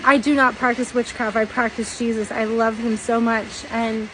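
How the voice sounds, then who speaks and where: Woman, high-pitched, emotional testimony, laughs often, faint background noise. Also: level tone, moderate pace. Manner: tearful, laughing, earnest. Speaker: dream testimony vlogger.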